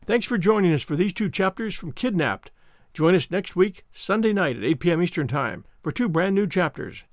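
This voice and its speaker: An audiobook reader and show host reads a classic novel aloud in a measured storytelling style. His voice sits a touch high and moves expressively through its range. The recording is close and dry, with no echo.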